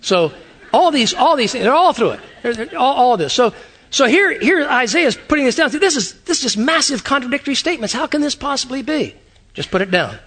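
A man preaching a sermon, animated and conversational, with repeated phrases and quick asides. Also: very high voice. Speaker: pastor.

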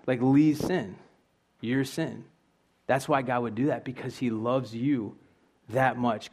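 A young man preaching a sermon in an earnest, conversational way, asking his listeners questions. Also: mid-range voice.

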